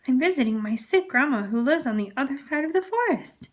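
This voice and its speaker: A woman's voice: high voice, expressive, a little fast, pitched above the performer's own voice. A woman doing a sweet little girl's voice. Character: cheerful little girl in a red cloak.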